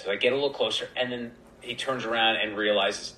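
Guy rattling off a story fast, does little voices for people, sounds roomy. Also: medium pitch, a little hiss or hum. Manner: animated, acts out voices in quotes. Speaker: podcast guest. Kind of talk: casual storytelling.

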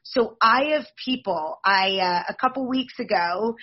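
A woman in her forties with a husky, mid-pitched voice answers interview questions as a podcast guest, promoting her league with upbeat, fast-flowing energy. The audio is slightly dull, as if over a remote link.

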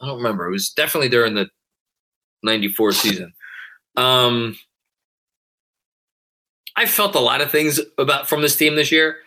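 A man hosts a casual podcast, working through listener comments one by one. He rambles, restarts his sentences and swears freely, all in a bright, forceful voice. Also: medium pitch, moderate pace, pauses often. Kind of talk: casual chat.

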